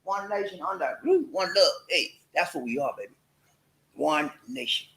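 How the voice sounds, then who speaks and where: This is a man, hosting a casual motivational talk. His voice sits a touch high and sounds bright. He teases and preaches by turns, now and then singing or chanting a line. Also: animated, normal speed, poor audio. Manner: playful, preachy, sings and chants lines. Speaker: host.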